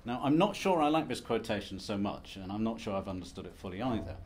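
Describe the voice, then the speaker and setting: A man's voice: fairly low pitch, expressive, quick pace, a little mellow. A man giving a conference presentation as an academic, lecturing in a wry, self-deprecating, conversational way. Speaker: academic speaker.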